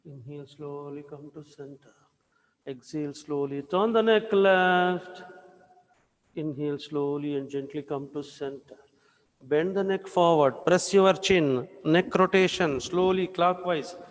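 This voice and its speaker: A man with a fairly high voice gives slow, repeated cues to inhale, exhale and move gently. He leads a guided yoga practice, and his voice rings in an echoey room with a long reverb tail. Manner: slow, repetitive breathing and movement cues. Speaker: yoga instructor.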